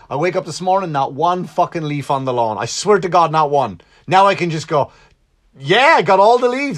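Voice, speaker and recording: Irish guy rambling on his podcast, swears a lot, pokes fun at himself, voice jumps up and down. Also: fairly bright tone. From Ireland. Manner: rambling, profane, self-mocking, jumpy pitch. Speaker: podcast host. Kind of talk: casual solo podcast monologue, comedic. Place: Long Island home.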